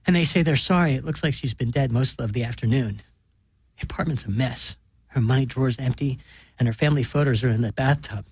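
A man reading a short story aloud in a plain, deadpan way. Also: mid-range voice, brisk, slightly rough, no room sound. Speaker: narrator.

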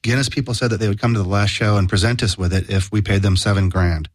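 A man's voice: fairly low pitch, steady tone, quick pace, dry recording. A man guesting on a chat show, laid-back with dry understated humor. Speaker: guest musician. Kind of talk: casual interview chat.

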